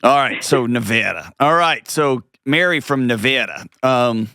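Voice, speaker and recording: A man hosting a call-in advice show, talking with a lively, joking, self-mocking energy. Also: medium pitch, a little slow, clear, resonant tone, no echo, clean studio sound. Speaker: host.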